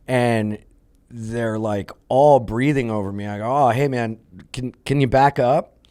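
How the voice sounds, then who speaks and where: A man who is a comedian, guesting on a podcast and telling a rambling anecdote in casual chat, swearing freely and getting animated. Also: medium pitch, a little slow, smooth.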